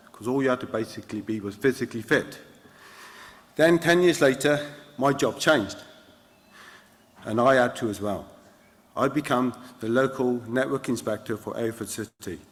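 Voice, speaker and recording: A man in his fifties telling his story at an event in a plain, deliberate way. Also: medium pitch, fairly bright tone. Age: 50s. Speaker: event speaker. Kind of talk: personal story speech. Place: event hall. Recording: echoey hall.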